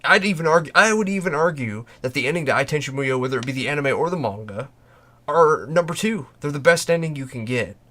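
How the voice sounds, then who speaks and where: A man with a bright, forceful tone talks on a podcast panel. He presses his point with emphasis, stopping and restarting as he goes. He sounds caught up in the discussion. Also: fairly high pitch, fast talker.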